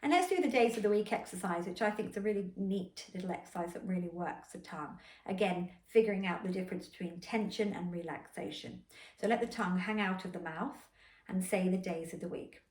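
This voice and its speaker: A woman voice coach calmly guiding a vocal warm-up, giving encouraging instructions and demonstrating exercises. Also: mid-range voice, a little fast, distant mic. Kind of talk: guided vocal warm-up lesson. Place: indoor room. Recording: echoey room, voice a bit off-mic.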